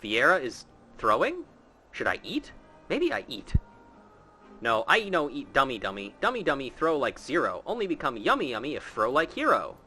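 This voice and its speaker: A man's voice: medium pitch, wildly swooping pitch, normal speed, sharp tone, faint music behind, full character voice. A man voicing a simple-minded talking snowman that speaks in broken baby-talk. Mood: gleeful.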